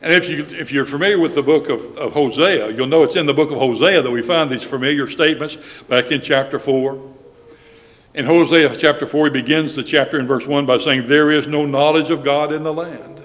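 A man preaching a Sunday sermon, with a measured delivery that slows down when he reads scripture aloud. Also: a little high, fairly bright tone. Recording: reverberant hall.

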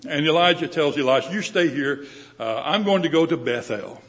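A man's voice: on the high side, expressive, normal speed, fairly bright tone. Older man preaching in a hall. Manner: conversational Bible teaching with paraphrased quotes. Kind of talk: sermon.

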